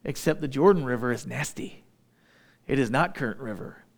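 A pastor preaching a sermon, reading scripture verses and explaining them in plain, folksy asides with light humor. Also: male voice, mid-range voice, lively intonation, normal speed.

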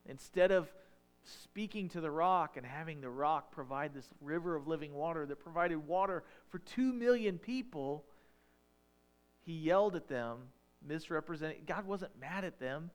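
A man's voice: fairly high pitch, normal speed, smooth. A man as a pastor, preaching a sermon and reading scripture, conversational and building to emphatic questions.

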